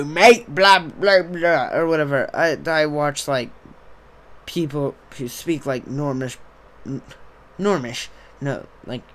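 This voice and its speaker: A young man hosting a podcast, talking in a rambling, casual monologue that keeps trailing off and restarting. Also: medium pitch. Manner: rambling, trailing off, self-interrupting. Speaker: podcast host.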